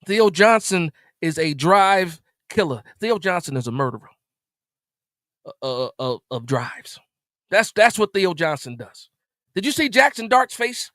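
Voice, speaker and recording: Exasperated man ranting, highish voice. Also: normal speed, dry recording, clean studio sound. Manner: exasperated, repeats himself, sudden loud jumps. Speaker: live stream host reacting to a game. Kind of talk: animated post-game rant.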